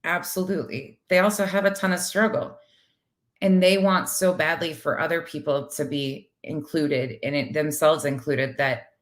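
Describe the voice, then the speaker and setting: Middle-aged woman co-host, blunt and animated, slightly low voice, casual livestream chat. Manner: blunt, swears freely, animated. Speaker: co-host of a livestream talk show. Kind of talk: casual livestream chat reading viewer comments.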